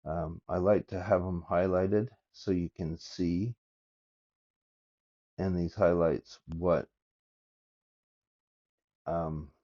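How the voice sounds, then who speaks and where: An older man reading scripture aloud and musing over it in a halting, thinking-aloud way, recorded on his phone. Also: sits low, fairly even intonation, warm tone, muffled recording. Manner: reads verses aloud with halting, thinking-aloud asides. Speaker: scripture study vlogger. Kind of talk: casual scripture study talk.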